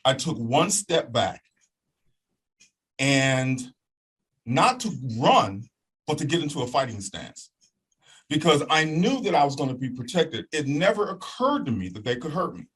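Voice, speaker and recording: A man with a slightly husky voice tells a story as a guest. His pitch rises and falls a lot as he acts out the moments. He keeps asking "okay?" to pull the listener along. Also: unhurried, long pauses, rough recording. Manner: lively, acts out voices and sounds, checks in with "okay?". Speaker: guest telling a personal testimony. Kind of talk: animated storytelling.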